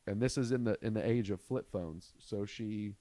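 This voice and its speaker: A young adult man with a lowish voice talks at a moderate pace, with no room sound on the recording. He's a comedian hosting a podcast, telling a rambling story in casual chat and animatedly acting out the people he quotes.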